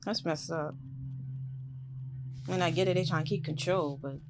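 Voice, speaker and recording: A woman's voice: low voice, normal speed. A woman hosting a reaction video, talking in an emotional, slangy way. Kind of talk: casual reaction commentary.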